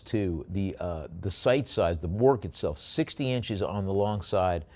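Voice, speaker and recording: Chatty low-voiced male auctioneer. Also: lively intonation. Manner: rapid bid calling mixed with chatty asides and many fillers. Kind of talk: live auction calling with item descriptions.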